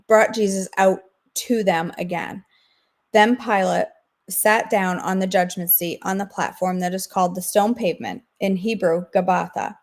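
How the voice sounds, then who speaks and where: Woman reading scripture aloud. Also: medium pitch. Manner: steady, measured reading aloud. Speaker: devotional host.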